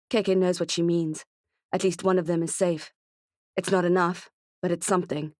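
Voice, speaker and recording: A woman narrating a thriller audiobook in an even, measured storytelling manner. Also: lowish voice, dry recording, clean studio sound.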